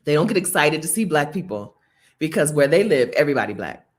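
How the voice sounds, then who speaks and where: An American travel vlogger in Bogota chats casually with viewers, telling travel stories in a low, fast voice. She's chatty and animated, laughing often as she goes.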